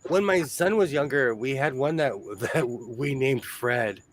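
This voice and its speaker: A man's voice: medium pitch, measured pace, low-quality recording. A man hosting a casual sewing chat, telling stories and laughing often. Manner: chatty storyteller who laughs often.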